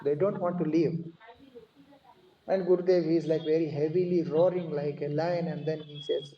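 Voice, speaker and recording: A monk giving an earnest devotional lecture, explaining verses phrase by phrase, on a dull lo-fi recording. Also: male voice, on the high side, fairly even intonation, normal speed, dark tone.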